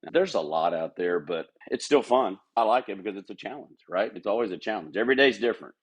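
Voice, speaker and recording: A middle-aged man with a fairly low voice, chatting candidly on a podcast. He tells workplace stories and slips into quick impressions of people he quotes. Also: lively intonation, husky. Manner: candid, storytelling, mimics others' voices. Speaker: golf club manager, podcast guest. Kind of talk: casual interview chat.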